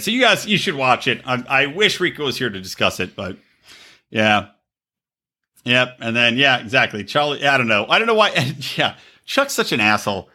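Man, podcast host, casual profane chat, lively pitch, bright tone. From Los Angeles area. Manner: animated, swearing, acts out quotes in high voices.

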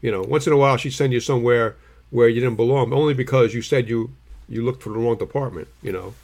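A man's voice: medium pitch, fast, a little mellow. Middle-aged man, blunt storyteller, casual co-host. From New Jersey. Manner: blunt, storytelling, swears freely. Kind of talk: casual chat.

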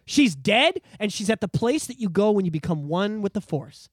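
A man hosting a podcast in casual chat, excitable and emphatic, swearing freely. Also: sits high, moderate pace, hardly any pauses, no echo, studio quality. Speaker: podcast host.

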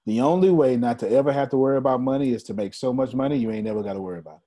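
A man's voice: medium pitch, racing. A man giving a motivational talk, telling a story with laughs and speaking straight to his audience. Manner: animated, laughing storyteller addressing the crowd.

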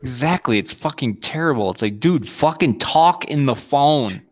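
A man's voice: mid-range voice, lively intonation, normal speed. A young man co-hosting a podcast, chatting casually, swearing a lot and laughing through his stories. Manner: profane, laughing, puts on silly voices in stories. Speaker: podcast co-host. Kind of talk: casual chat.

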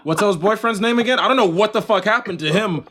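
A young man with a fairly high voice co-hosts a podcast and chats casually. He swears freely and acts out his reactions, jumping between muttered asides and loud bursts. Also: fast talker. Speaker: podcast co-host. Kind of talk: casual chat.

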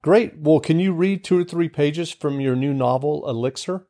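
A man hosting a podcast, introducing his guest and asking questions in a plain, measured way. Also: fairly high pitch, dark tone. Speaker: podcast host. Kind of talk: scripted podcast interview.

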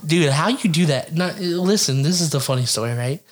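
A man's voice: a little high, expressive, fairly quick. A man trading stories in casual conversation, his speech peppered with profanity and laughter. A faint layer of background noise sits under the recording. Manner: laughs often, swears constantly. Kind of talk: casual chat.

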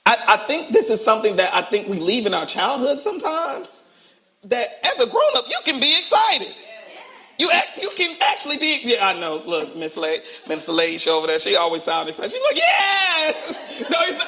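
Brief: high-pitched bright male pastor, lively call-and-response sermon, acts out voices. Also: fairly quick. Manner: animated call-and-response preaching, acts out quotes. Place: church sanctuary.

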